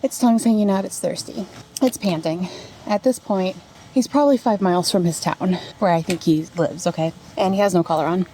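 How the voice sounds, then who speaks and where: A woman with a mellow, lowish voice talks a little fast over slight background noise. She's a vlogger hiking a long-distance trail outdoors, chatting candidly and laughing often into a handheld camera.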